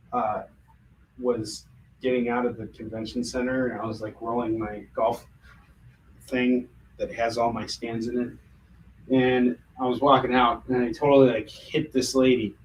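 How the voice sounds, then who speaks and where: A man's voice: mid-range voice, slight background noise. A man running a live comic book sale, full of puns and jokey sales patter.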